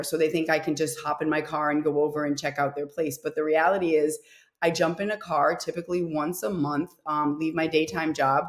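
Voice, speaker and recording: Woman guest, low voice, talkative and laughing, in an echoey room; casual interview chat. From Rhode Island. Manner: chatty, laughs often. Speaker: guest, travel and food influencer.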